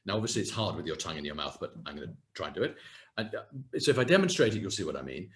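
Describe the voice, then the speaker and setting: A low-pitched man in his sixties, a communication coach, races through a live online workshop over a video call, animated and self-deprecating as he demonstrates exercises. He's at home in the UK, picked up by a webcam microphone.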